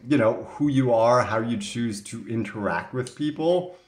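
A man from Canada, mid-range voice and unhurried, chats to the camera as a vlogger, telling a rambling story with flashes of mild indignation and an occasional cough. Echoey room sound surrounds him.

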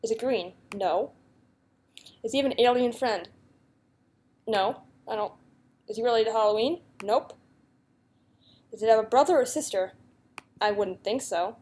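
Giggly young woman, slightly high voice. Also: a little slow, long pauses, darkish tone, slight background noise. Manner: giggly, chatty, reads questions aloud. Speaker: YouTuber playing a guessing game. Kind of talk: casual gameplay commentary.

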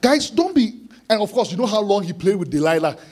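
A man preaching an expository sermon to students, animated, acting out voices with sudden shouted bursts. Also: high-pitched, brisk. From Ghana. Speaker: conference speaker preaching to students.

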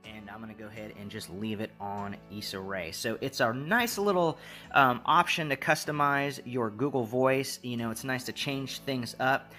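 Man, bright tone, medium pitch, easygoing tech tutorial host, step-by-step instructions. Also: steady tone, moderate pace, faint music behind. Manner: easygoing, repetitive instructions with fillers.

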